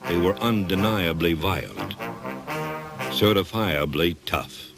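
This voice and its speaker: A man giving dramatic, measured scripted documentary narration. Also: deep voice. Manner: dramatic, measured, emphatic delivery. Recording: narration over loud music score.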